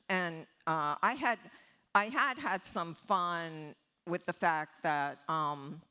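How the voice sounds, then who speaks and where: Older woman columnist, bright and animated, telling stories on stage with laughs. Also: low voice, clean tone. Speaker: interview guest, columnist. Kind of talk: anecdotal storytelling on stage.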